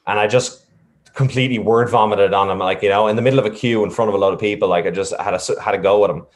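A man's voice: fairly low pitch, fairly even intonation, very fast. A man reflectively telling a personal story, with many fillers and restarts. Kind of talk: casual storytelling.

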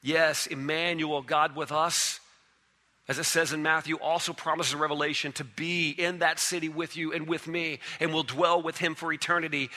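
A man preaching a sermon in a high, very bright and cutting voice. He swings from loud, urgent declarations to hushed, low passages. His voice rings out with a long hall reverb. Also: level tone, moderate pace.

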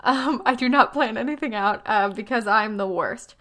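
A woman in her twenties giving blogging tips in a casual vlog, chatty and self-deprecating, with lots of fillers and quick asides, a little tired. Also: fairly high pitch, a bit bright. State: tired, yawning.

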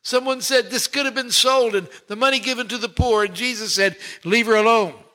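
A man preaching a sermon in a high, bright voice. He leans on single words, slows to a near stop, then lifts again in rising swells. His delivery is deliberate and heartfelt, built for a congregation. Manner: preaching with dramatic pauses and swells. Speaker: pastor.

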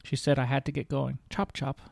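A man's voice: medium pitch, monotone, brisk, creaky, darkish tone, no room sound, clean studio sound. Earnest man reading his memoir. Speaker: podcast host.

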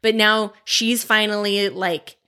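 A woman's voice: fairly even intonation, slow pace, pushed and bright, clear, resonant tone. A woman in her thirties, a mother chatting casually with self-mocking humor and frequent laughs. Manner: laughing, self-mocking, drops low for quoted asides. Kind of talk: casual chat.

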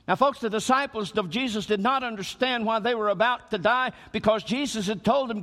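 A man preaching a sermon to a congregation, rising to emphatic peaks and drawing out slow, weighty phrases. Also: high-pitched, a bit bright, big-room sound. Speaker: pastor.

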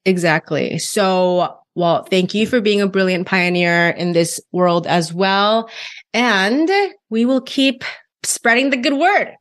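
A woman's voice: medium pitch, fairly even intonation, takes it slowly. Enthusiastic woman podcast host. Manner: emphatic and enthusiastic, casual with swearing. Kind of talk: casual podcast conversation.

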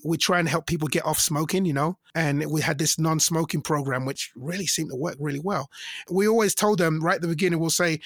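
A middle-aged man telling stories in a casual interview, animated and acting out the voices of people he quotes. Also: dry recording, clean studio sound. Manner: animated, acts out quoted voices with big pitch jumps. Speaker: singer and interview guest.

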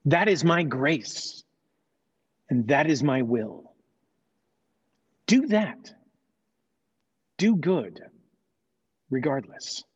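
A man's voice: mid-range voice, slow pace, pauses often, slightly rough. Man speaking as God, stern and fatherly. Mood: stern pleading. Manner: earnest, questioning, rising to emphatic. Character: God, stern yet tender fatherly deity. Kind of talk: dramatized sermon retelling. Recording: dull lo-fi recording.

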